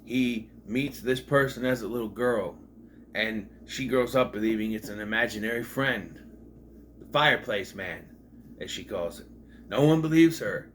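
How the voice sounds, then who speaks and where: A man's voice: medium pitch, a bit bright, a little hiss or hum. A man giving a casual, rambling retrospective of a TV episode at home, with jokey asides. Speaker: video reviewer.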